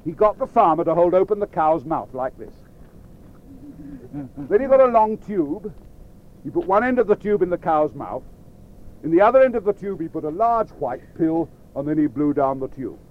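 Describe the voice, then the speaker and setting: A playful male storyteller telling a children's tale to a live audience, chatting directly with his listeners. His voice is fairly high, and the recording sounds dull and lo-fi. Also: sing-song, normal speed.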